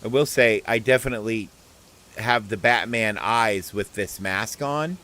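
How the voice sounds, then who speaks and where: A man's voice: lowish voice, a little slow, pushed and bright. A man streaming a video game, chatting casually and talking to himself in an amused way while he has the hiccups. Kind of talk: casual gameplay commentary.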